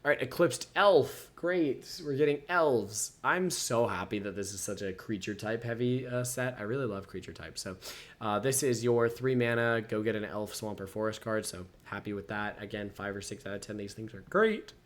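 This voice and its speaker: In a lowish voice at a moderate pace, a sleepy man reviews a card game set casually, reading card text aloud. He gives every card a score out of ten and yawns from time to time.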